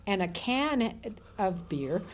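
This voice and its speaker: A middle-aged woman from Southern Nevada, a guest telling animated stories in casual conversation with frequent laughter. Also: mid-range voice, takes it slowly, a crowd in the background. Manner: animated storyteller who laughs often. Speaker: interview guest. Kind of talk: casual storytelling.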